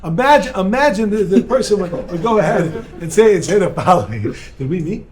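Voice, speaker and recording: Man, high voice, energetic rabbi, joking seminar lecture, talks with audience. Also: brisk. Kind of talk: lively seminar talk to a live audience. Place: room with a live audience.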